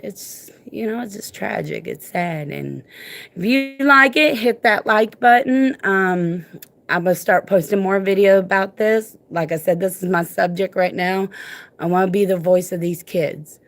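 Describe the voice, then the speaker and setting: A woman's voice: medium pitch, measured pace, vocal fry. A woman speaking emphatically into her phone in a casual vlog rant, informal and repetitive, often saying "look". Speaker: parent vlogger and advocate.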